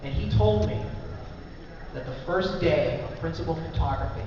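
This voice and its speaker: Brief: man, author at a convention panel, joking storyteller, higher voice, heard from far back in an echoey, noisy, dull-sounding hall. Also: expressive, moderate pace. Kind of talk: casual convention talk to an audience.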